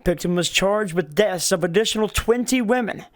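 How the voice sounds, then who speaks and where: A man's voice: high-pitched, moderate pace. A man hosting a casual podcast, rambling and laughing, with many restarts. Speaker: podcast host.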